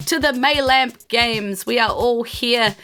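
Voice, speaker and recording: A woman's voice: a little high, takes it slowly, fairly bright tone, clear, resonant tone, soft background music, voice pushed up. Woman putting on a pompous patriarch proclaiming. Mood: proud. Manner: grand proclaiming speech.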